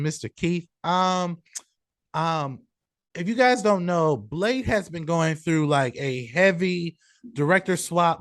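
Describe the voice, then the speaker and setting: A man's voice: fairly high pitch, dry recording, studio quality. A man hosting a casual podcast, reading out a listener's question and rambling through his thoughts with many fillers and restarts. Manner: rambling, filler-heavy, self-correcting. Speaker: show host.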